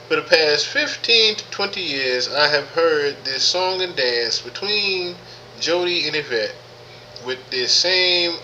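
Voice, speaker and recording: A man's voice: fairly high pitch, measured pace, bright, forceful tone, a little hiss or hum, poor audio. A man hosting a live podcast stream, talking casually with lots of profanity, repeating himself and greeting chat viewers by name. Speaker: podcast host.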